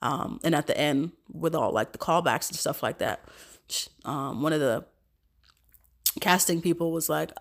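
A woman with a stuffed-up cold, hosting a podcast, speaking an earnest evening prayer and then chatting casually, repeating phrases and sometimes dropping to soft whispers. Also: low voice, moderate pace. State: congested from a cold. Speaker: podcast host.

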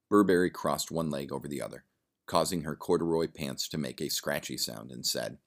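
A man reading a story aloud in plain, steady narration. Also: a bass voice, a little fast.

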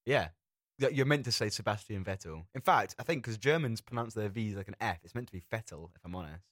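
A man's voice: lowish voice, quick pace, fairly bright tone, dry recording, clean studio sound. A young man co-hosting a podcast, chatting casually with a wry, teasing manner. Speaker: podcast co-host. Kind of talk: casual chat.

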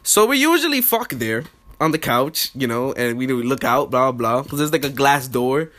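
A man's voice: mid-range voice, expressive, normal speed, fairly bright tone. A young man telling a story in casual chat, acting out quotes and laughing often.

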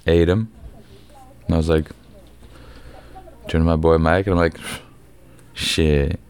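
A young man hosts his own podcast and talks alone in a loose, profane, rambling way. His voice sits very low and stays smooth and resonant. Now and then he breaks into sudden loud bursts. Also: flat delivery, brisk. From Canada. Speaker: podcast host. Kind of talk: casual solo podcast monologue.

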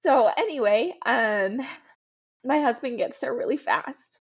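A woman in her thirties, a podcast guest, telling a personal story in a halting, emotional way with frequent ums and restarts. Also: a little high, slightly rough, lo-fi sound.

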